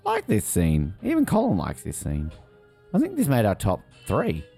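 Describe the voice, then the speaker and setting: A man's voice: on the low side, huge pitch swings, normal speed, creaky, mellow, soft background music. A young man, co-hosting a casual movie commentary and rambling chattily with lots of ums and likes. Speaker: podcast co-host.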